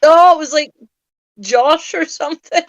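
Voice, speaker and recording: A woman's voice: sits high, a little slow, no room sound, highs cut off. A woman in her late twenties co-hosting a casual chat, sleep-deprived, rambling and laughing often. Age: late 20s. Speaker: podcast co-host.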